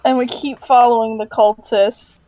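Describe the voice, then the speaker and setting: A woman's voice: fairly high pitch, steady tone, normal speed, mellow. Woman rambling through a game recap. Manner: rambling, swears casually, acts out lines mid-recap. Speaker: player. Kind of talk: casual play and recap of a tabletop game.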